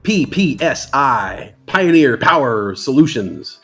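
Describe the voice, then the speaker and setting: Animated, joking livestream host. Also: male voice, mid-range voice, slow, soft background music. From New York. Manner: playful, jokey, reads chat aloud. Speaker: livestream stock trading host. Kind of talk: casual livestream chat.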